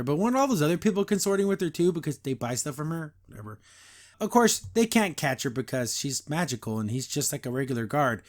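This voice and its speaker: A man's voice: fairly high pitch, very animated. A middle-aged man hosting a podcast, reviewing a cartoon in casual, rambling chat full of "like" and "uh". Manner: rambling, lots of "like" and "uh", quick put-on voices when recapping scenes.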